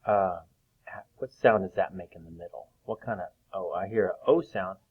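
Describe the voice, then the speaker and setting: A man teaching a reading lesson to young children, speaking slowly and patiently, sounding out letters and often clearing his throat. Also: low-pitched. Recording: tinny phone-like recording.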